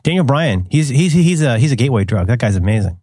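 A middle-aged man in loose podcast chat, his pitch jumping all over as he rambles and restarts his sentences. His voice sits in the middle of the range. The sound is dry and close. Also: very animated, fast talker, a little mellow, breathy edge, dry recording. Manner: rambling, restarts, playful, laughs at own jokes. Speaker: podcast co-host. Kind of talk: casual chat.

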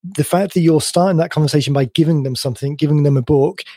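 Man, podcast host, croaky, mellow tone, dry sound, emphatic explainer. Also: on the high side, fast talker, dry recording. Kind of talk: conversational podcast discussion.

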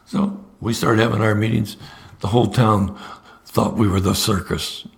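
The gravelly voice of an older evangelist, moving at a moderate pace, carries his stories in a podcast interview. When he quotes others he swings into high-pitched voices, and he frequently repeats the opening word of his sentences, making him a lively teller.

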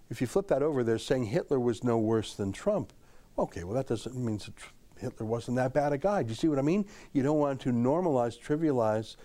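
A man's voice: mid-range voice, dark tone. A man hosting a political commentary show, talking emphatically and straight to the listener. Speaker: show host.

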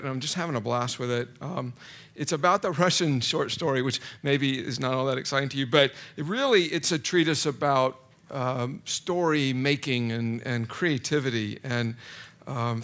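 A pastor with a medium-pitched, slightly bright voice gives a conversational sermon to a live audience. His preaching is casual and self-deprecating, full of fillers and restarts.

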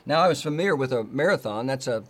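Male pastor from the United States, mid-pitched voice, delivers an earnest, measured sermon with deliberate emphasis. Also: animated, fairly bright tone.

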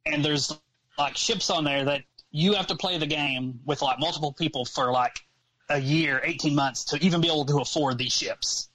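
Bright-voiced easygoing podcast guest. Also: male voice, fairly high pitch, moderate pace, slight background noise, poor audio. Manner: easygoing, hesitant with ums, explains at length. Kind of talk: casual podcast chat.

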